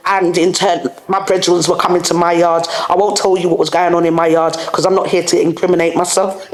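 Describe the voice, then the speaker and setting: A woman's voice: mid-range voice, roomy sound. A woman hosting a podcast, ranting candidly in slang and laughing often. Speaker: podcast host. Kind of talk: casual solo rant.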